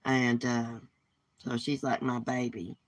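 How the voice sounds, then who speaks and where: A woman's voice: a bass voice, level tone, takes it slowly, no room sound. A woman hosting a casual live stream from her porch, talking in a blunt, gossipy and profane way. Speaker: livestream host. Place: outdoors on a porch.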